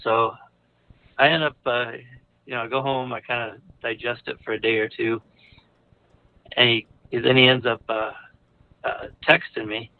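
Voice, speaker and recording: A man's voice: mid-range voice, little pitch movement, moderate pace, long pauses, phone-quality sound. A man telling a personal story in a rambling, hesitant way, with fillers, restarts and nervous laughs. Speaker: storyteller recounting a personal experience. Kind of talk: casual confessional storytelling.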